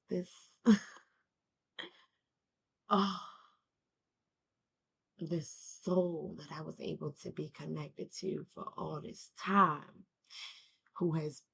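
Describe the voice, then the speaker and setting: A woman's voice: fairly low pitch, creaky, slightly rough. A woman rambling through a casual, slangy story in a personal video, grieving and emotional, the mother of a teenage son. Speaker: vlogger.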